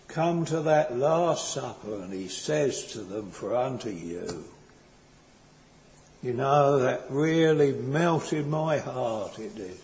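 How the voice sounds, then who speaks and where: A man preaches slowly and earnestly, his mellow, warm voice pausing and circling back over his words. His sermon rings with a long reverb, as in a large church hall. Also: mid-range voice. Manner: slow, earnest, tender preaching with hesitant restarts.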